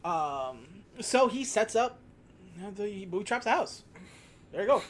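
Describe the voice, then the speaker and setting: A podcast co-host in casual chat, retelling a movie's scenes and slipping into quick character voices for the lines. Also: mid-range voice, sing-song, slight background noise.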